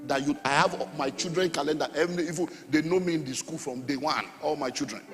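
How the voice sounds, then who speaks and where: Nigerian pastor preaching in a hall. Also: male voice, fairly high pitch, fast. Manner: animated, preaching with sudden shouts and sung phrases. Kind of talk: sermon. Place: church hall. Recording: long hall reverb, faint music.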